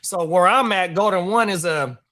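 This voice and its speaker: A man co-hosting a casual show, loud and profane, with exclamations and slangy brags. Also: high-pitched, moderate pace. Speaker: co-host. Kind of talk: casual chat.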